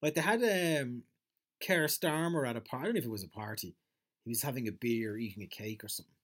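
A man's voice: mid-range voice, fast, fairly bright tone. A man talking through a casual monologue as a podcast host, rambling and swearing freely, with plenty of fillers and restarts.

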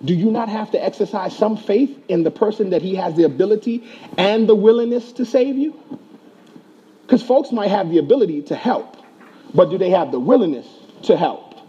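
A man's voice: high-pitched, expressive, normal speed, dark tone, slightly rough, highs cut off. A man preaching a sermon to a congregation, asking rhetorical questions and repeating key words for emphasis. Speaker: pastor.

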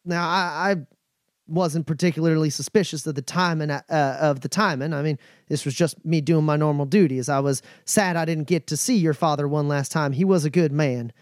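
Guy doing a nervous young mail carrier, halting and apologetic, kinda high voice, dry sound. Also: no echo, natural voice. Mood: earnest.

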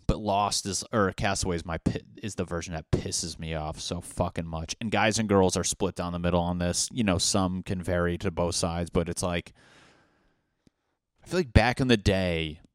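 A young man casually riffing on a comic story, swearing freely and jumping into quick silly character voices. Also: sits low, dry recording, studio quality. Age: young adult.

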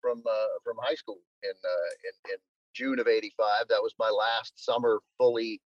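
A man's voice: fairly low pitch, steady tone, normal speed, no room sound. A middle-aged man from Washington, D.C. talks as a podcast guest, gushing and rambling with plenty of fillers. His voice comes through slightly dull and lo-fi over a dry remote line. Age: 40s-50s. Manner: enthusiastic, rambling with many uh fillers. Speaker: guest, TV host. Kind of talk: casual interview chat.

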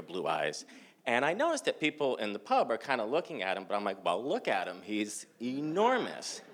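A man in his forties from Massachusetts, telling a self-mocking story live on a theater stage. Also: lowish voice. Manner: animated, self-mocking, acts out dialogue.

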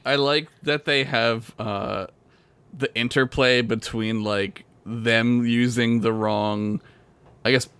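A man's voice: medium pitch, steady tone, slow pace, fairly bright tone, smooth, no echo. A man co-hosting a podcast in casual, crude, joking chat who laughs often.

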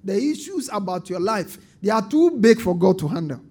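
High-voiced preaching man, call and response. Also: sing-song, moderate pace, a little mellow, husky. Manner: call-and-response preaching with rising emphatic bursts. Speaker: pastor. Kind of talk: sermon.

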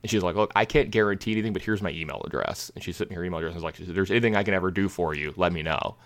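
A man telling a long story in casual podcast chat, rambling, full of filler words and lively retellings. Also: deep voice, rapid-fire, no echo.

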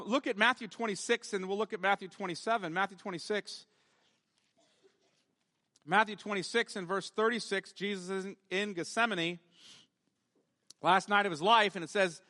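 A man's voice: high-pitched, sharp tone, in a large hall. A man preaching a sermon as pastor, reading scripture aloud with passion in a church sanctuary.

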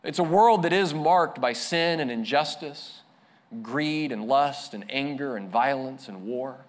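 A man preaching a sermon as a pastor, earnest, slowing down and dropping softer to stress his points. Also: medium pitch, expressive.

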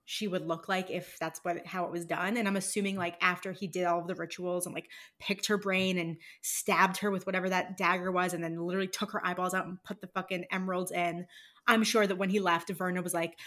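A woman co-hosting a podcast, chatting casually in a relaxed, thoughtful way with some swearing. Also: lowish voice, brisk. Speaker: podcast co-host. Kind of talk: casual chat.

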